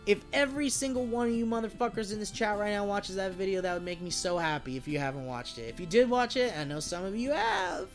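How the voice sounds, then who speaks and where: A man's voice: high voice, lively intonation, fast talker, hardly any pauses, faint music behind. A man chatting casually while live-streaming a video game, rambling, joking and swearing freely as he talks to his chat. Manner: rambling, profane, jokey.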